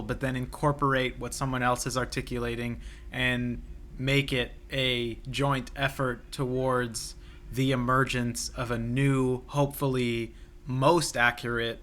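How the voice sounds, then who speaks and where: A man's voice: mid-range voice, a bit bright, slight background noise. A young man co-hosting a podcast outdoors, thinking aloud in a casual philosophical conversation with many restarts and fillers. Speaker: podcast co-host. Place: outdoors near a playground.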